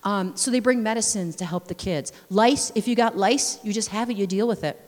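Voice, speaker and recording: A woman missionary with a medium-pitched voice preaches briskly, filling her sermon with personal stories, acting out scenes and exclaiming praise. She speaks in a church sanctuary, and the large hall gives the recording a long reverb.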